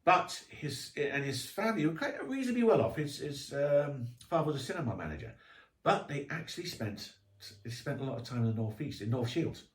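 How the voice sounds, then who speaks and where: A man's voice: medium pitch, very animated, fairly quick. A man, an author guest on a podcast, telling rambling anecdotes in casual chat. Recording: echoey room, distant mic.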